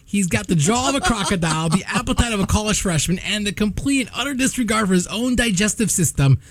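A man's voice: sits high, expressive, fast talker, no echo. A man co-hosting a radio show, reading a playful mock announcer introduction. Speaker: radio co-host. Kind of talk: casual chat.

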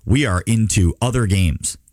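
A man's voice: fairly low pitch, normal speed, darkish tone, no echo, studio quality. A man hosting a radio show, telling stories in an earnest, rambling way during casual on-air banter. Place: radio studio.

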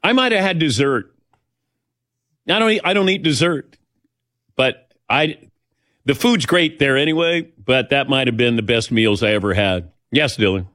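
With lively intonation, frequent pauses and normal speed, an older man hosting a show tells personal stories in a medium-pitched, slightly bright voice. He's chatty and self-deprecating, voicing the characters he quotes, over a dry, clean studio recording.

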